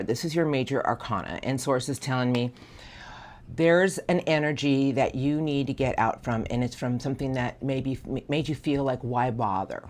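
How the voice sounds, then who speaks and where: A tarot reader giving an earnest, encouraging monthly reading. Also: mid-range voice. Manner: earnest, encouraging, speaks to an unseen source.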